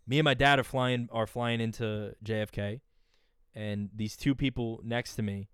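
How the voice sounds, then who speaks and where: A young man, co-hosting a podcast, excitable and slangy, swearing as he reacts and tells stories. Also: mid-range voice, moderate pace, clear, resonant tone, dry recording, clean studio sound. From New York. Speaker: podcast co-host. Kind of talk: casual podcast chat.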